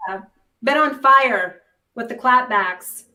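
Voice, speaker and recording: A woman's voice: on the high side, slow, bright, forceful tone, distant mic. A woman hosting a live news stream, chatting sarcastically with many fillers. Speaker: host. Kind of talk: casual news commentary. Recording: echoey room, off mic.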